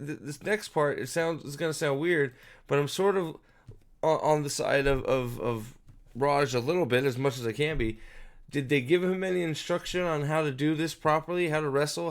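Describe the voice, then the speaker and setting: This man's voice sits a little high as he hosts casual, profane video commentary. He rants in an exasperated way and keeps restarting his sentences.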